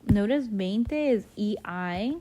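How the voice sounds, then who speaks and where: A woman's voice: medium pitch, animated, slow, dark tone, slight background noise, low-quality recording. A woman teaching a recorded language lesson, explaining patiently and often checking in with "okay?". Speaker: Spanish teacher.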